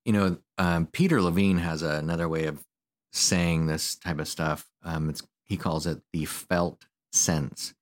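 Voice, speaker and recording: A man's voice: low voice, fairly even intonation, a little slow. A man who works as a counselor, co-hosting a podcast and explaining ideas in a rambling, casual way with many fillers.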